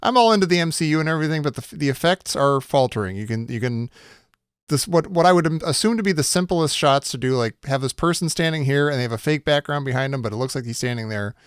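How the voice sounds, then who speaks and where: A man in an easygoing podcast chat about a film, speaking with enthusiasm as he thinks aloud. His voice is smooth and clear and sits a little high, recorded dry and close. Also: lively intonation, fast talker, dry recording. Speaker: podcast co-host. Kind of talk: casual chat.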